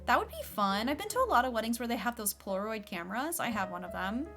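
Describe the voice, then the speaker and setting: A woman's voice: a little high, sing-song, fast, a bit bright, soft background music. A young adult woman streaming a game, chatting casually and filling her speech with "like". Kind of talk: casual chat while playing a game.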